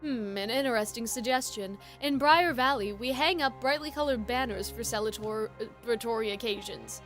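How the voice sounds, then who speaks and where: A stately, formal young nobleman, read by a woman streamer. He speaks in a measured, hushed way, lower than her usual voice but still bright. Faint music plays underneath. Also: lightly acted.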